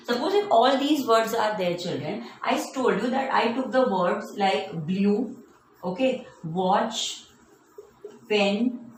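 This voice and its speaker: A woman teacher, explaining grammar to children slowly and deliberately, stretching out her example words. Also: medium pitch, animated. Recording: very echoey room, faint hum.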